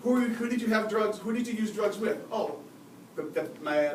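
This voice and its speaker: A man giving a live seminar on behavior, lively and often asking the audience questions. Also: high-pitched, moderate pace. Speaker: behavior and communication expert giving a talk. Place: lecture room at a faculty club. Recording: roomy, distant mic with audible noise.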